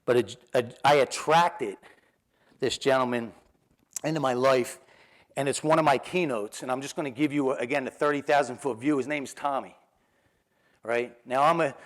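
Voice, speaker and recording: A man's voice: mid-range voice, normal speed. A middle-aged man with a New Jersey accent telling personal stories in a keynote talk, acting out the dialogue and laughing often. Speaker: motivational speaker.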